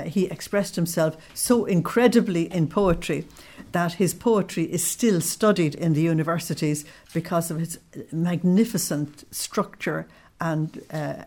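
Woman religious teacher, low voice, relaxed hesitant lesson delivery, keeps checking "okay?" with the group. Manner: unhurried, hesitant, checks in with listeners often. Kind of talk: spiritual study lesson.

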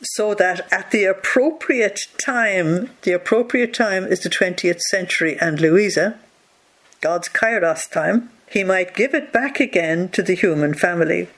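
Mid-pitched voice, devotional reading, slow deliberate delivery, explanatory asides, rhetorical questions. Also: fairly bright tone. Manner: reads passages slowly, then explains with rhetorical asides. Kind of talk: reading aloud and commenting on a spiritual text.

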